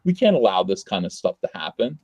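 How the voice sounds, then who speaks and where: Earnest guy guesting on a stream, dark mellow voice, kinda muffled audio. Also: low voice, very animated, fairly quick, dry recording. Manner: earnest, emphatic, hesitant fillers. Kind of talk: casual livestream chat.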